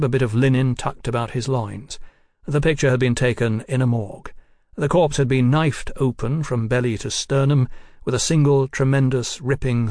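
Steady male audiobook narrator, dry mic. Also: medium pitch, no room sound.

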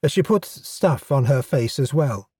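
Proud, eager goblin science officer, voiced by a male narrator; higher, excitable storybook voice, dry booth. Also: measured pace, husky, dry recording. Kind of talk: audiobook character voice.

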